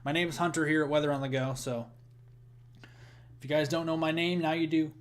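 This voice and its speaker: A man's voice: on the high side, fairly even intonation, brisk. Chatty Midwestern man hosting a weather stream. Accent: Midwestern American. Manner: chatty, thanks donors, rattles off forecast details. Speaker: weather livestream host. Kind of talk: live weather stream commentary.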